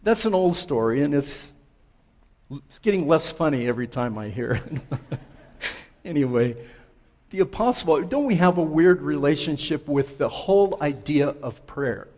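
A male pastor giving a sermon in an easygoing, conversational storytelling style. His voice sits a little on the high side. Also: animated, normal speed, long pauses, a little mellow.

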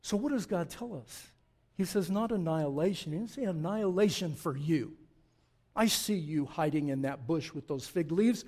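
A man in his sixties preaching a sermon, swinging between loud emphatic declarations and quiet, reflective asides. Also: a little high, moderate pace. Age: 60s. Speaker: pastor.

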